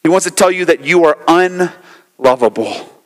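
A man with a high voice preaches emphatically, hammering home phrases through repetition. His sermon rings with the long reverb of a large hall. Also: expressive, normal speed. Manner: emphatic, repeats phrases for effect. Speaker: pastor.

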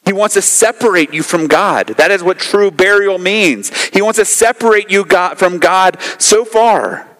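A man with a high voice preaches emphatically, hammering home phrases through repetition. His sermon rings with the long reverb of a large hall. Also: measured pace, few pauses, a bit bright. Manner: emphatic, repeats phrases for effect. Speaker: pastor.

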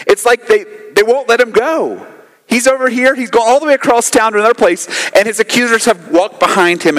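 A man with a high voice preaches emphatically, hammering home phrases through repetition. His sermon rings with the long reverb of a large hall. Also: a bit bright. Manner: emphatic, repeats phrases for effect. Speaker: pastor.

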